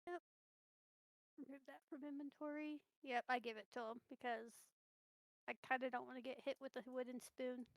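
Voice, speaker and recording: A woman's voice: sits high, steady tone, normal speed, no echo, poor audio. A woman playing a tabletop game, chatting in a matter-of-fact, wry way. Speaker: player. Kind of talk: casual chat at a tabletop game.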